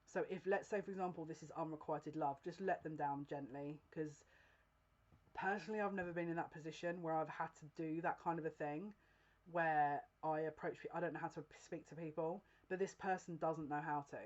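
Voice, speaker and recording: A woman giving a casual psychic reading to her viewers. She speaks in a confiding, direct way and keeps breaking into giggles, with halting restarts. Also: low voice, steady tone, darkish tone, muffled recording. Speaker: psychic reader. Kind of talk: casual tarot-style general reading to camera.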